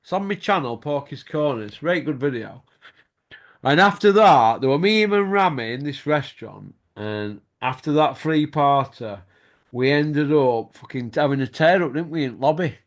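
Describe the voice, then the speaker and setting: A man's voice: on the high side, expressive, normal speed. A middle-aged man, hosting a boxing show and telling stories in casual chat, swearing freely and laughing as he goes.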